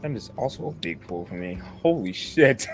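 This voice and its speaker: A man playing a tabletop role-playing game in a casual, excitable way, laughing often and swearing. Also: mid-range voice, normal speed, over music. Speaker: player.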